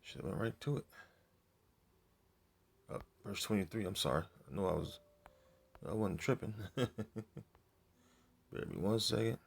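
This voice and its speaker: A man teaching from the Bible in a casual, halting way, full of fillers, reading verses aloud more loudly and muttering to himself while he searches. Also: on the low side, lively intonation, gravelly, breathy edge. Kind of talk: informal scripture teaching.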